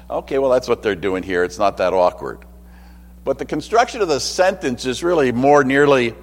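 A man's voice: medium pitch, expressive, normal speed, big-room sound. A man preaching a sermon in a conversational way, with asides and acted-out quotes.

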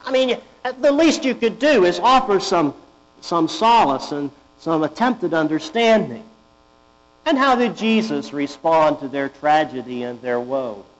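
A man preaching a sermon, deliberate and emphatic, often asking rhetorical questions. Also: a little high. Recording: dull lo-fi with mains hum.

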